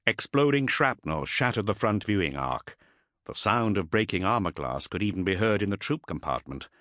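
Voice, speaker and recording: A man narrating an audiobook in an expressive, dramatic storytelling manner. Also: on the low side, normal speed, dry recording, clean studio sound.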